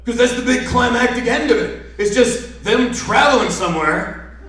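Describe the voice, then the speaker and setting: A man's voice: very high-pitched, moderate pace, fairly bright tone, distant mic. Ranting man, swearing, echoey live room. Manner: ranting, sarcastic, heavy swearing. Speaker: stand-up comedian. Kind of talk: profane stand-up rant. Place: live comedy venue.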